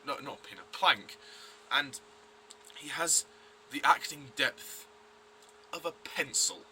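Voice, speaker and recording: A man's voice: fairly high pitch, animated, slow, sharp tone, a little hiss or hum. A man giving a blunt, rambling review of a TV episode, full of fillers and restarts. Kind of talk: casual review vlog.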